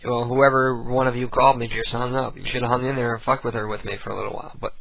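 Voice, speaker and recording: A man's voice: mid-range voice, flat delivery, fast, gravelly, no echo, lo-fi sound. A man hosting a casual solo internet radio show at home, rambling and cursing in an exasperated way. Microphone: home desk microphone.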